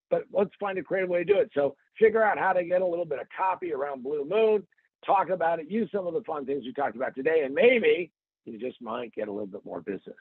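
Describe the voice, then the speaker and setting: A man's voice: a little high, no room sound. A man hosting a podcast in casual, joking chat, telling stories with playful asides. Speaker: podcast host. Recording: tinny phone-like line.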